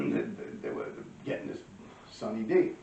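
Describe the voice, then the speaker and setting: A man, telling profane street stories to camera and clearing his throat often. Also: on the low side, huge pitch swings, unhurried, darkish tone, slight background noise. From New York. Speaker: vlogger telling life stories. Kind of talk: casual storytelling to camera. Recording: roomy, distant, dull-sounding.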